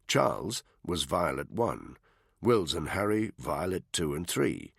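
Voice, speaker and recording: A man narrating a thriller audiobook in a measured, expressive way. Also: rumbling low, vocal fry, husky, dry recording, clean studio sound. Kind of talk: scripted narration.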